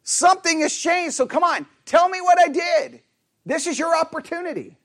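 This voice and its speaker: A man's voice: very high voice, moderate pace, fairly bright tone, pitched above the performer's own voice. A man voicing God as a frustrated, challenging figure who demands that his people state their case. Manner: urgent, pleading-challenging.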